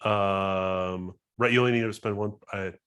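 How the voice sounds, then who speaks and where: A man's voice: fairly low pitch, fairly even intonation, unhurried, fairly bright tone, clear, resonant tone. A man playing a tabletop game, describing his character's actions in a rambling, casual way. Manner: rambling, filler-heavy. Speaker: player.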